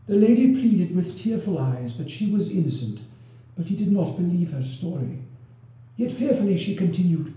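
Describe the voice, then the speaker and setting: Brief: expressive male narrator, very animated, roomy echoing room. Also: high voice, normal speed. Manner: expressive, lively storytelling. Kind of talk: storybook reading of a medieval romance. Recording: roomy echo.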